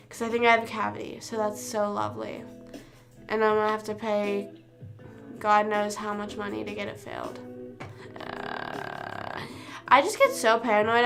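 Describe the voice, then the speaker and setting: A young woman streamer rambling casually to her live chat, self-deprecating and often trailing off. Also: a little high. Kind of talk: casual chat with livestream viewers.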